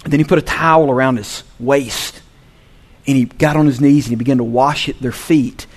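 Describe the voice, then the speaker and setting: A male pastor preaching a sermon, swinging between soft low asides and loud, emphatic peaks. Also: steady tone, moderate pace. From Southern US.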